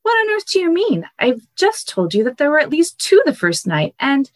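A woman's voice: huge pitch swings, normal speed, no echo. A woman voicing a frightened young boy in an audiobook-style reading, pleading and tearful. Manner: pleading, high and breathless.

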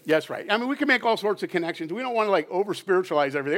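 A man preaching a conversational sermon at a church service, animated and chatty, often checking in with "right?". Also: high-pitched, racing. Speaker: pastor.

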